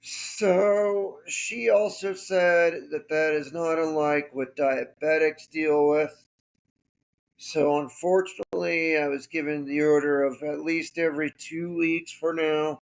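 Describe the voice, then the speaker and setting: Man podcast host, unhurried gravelly voice, wry casual storytelling. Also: on the high side, fairly even intonation.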